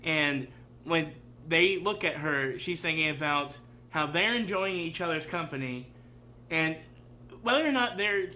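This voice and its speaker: A man's voice: on the high side, a little slow, sharp tone, a little hiss or hum. A man hosting a casual reaction show who rambles through his commentary with many fillers. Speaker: show host.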